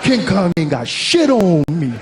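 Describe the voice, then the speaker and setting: A man putting on a brash, shouting cocky guy. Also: sits high, very animated, unhurried, echoey room. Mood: swaggering. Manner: shouting, laughing, exaggerated slang. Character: brash, swaggering young man, loud and cocky. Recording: clip with loud background noise.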